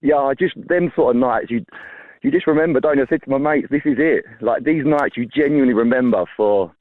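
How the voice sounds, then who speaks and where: Hoarse caller on a phone line. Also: male voice, medium pitch, a little fast, no room sound. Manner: gushing, emotional fan. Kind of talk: phone-in call. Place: outdoors walking dogs.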